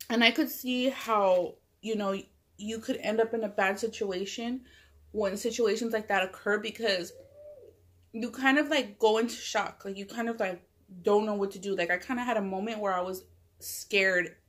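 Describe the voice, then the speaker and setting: A woman's voice: mid-range voice, fairly bright tone. A woman vlogger casually telling a long personal story, rambling and full of "like" and self-corrections. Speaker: mukbang vlogger.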